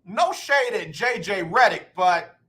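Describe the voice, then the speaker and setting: Radio host, man in his sixties, high bright voice, emphatic and heated sports talk. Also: animated, measured pace. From United States. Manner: emphatic, repeats words when fired up.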